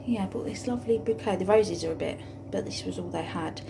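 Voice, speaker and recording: Chatty woman with vocal fry. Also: lowish voice, quick pace, background noise. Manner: chatty, rambling, blunt with occasional swearing. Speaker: vlogger. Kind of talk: casual home vlog chat. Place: home kitchen.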